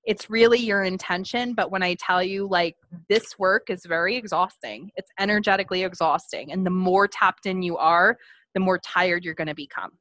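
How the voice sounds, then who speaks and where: A woman's voice: fairly low pitch, moderate pace, a bit bright, no echo. A woman co-hosting a casual conversation about psychic development, candid, laughing often and swearing freely. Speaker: podcast co-host, psychic medium teacher. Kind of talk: casual chat.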